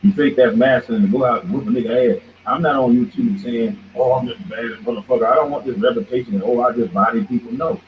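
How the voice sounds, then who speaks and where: A man's voice: mid-range voice, quick pace, hardly any pauses. A man hosts his own show with a heated, combative rant, calling out his target again and again. His voice sits in a middle range. The sound is thin and phone-like, with a faint hiss underneath. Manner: heated, confrontational, repeats "boy". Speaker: show host. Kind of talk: ranting commentary monologue. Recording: tinny phone-like line with faint noise.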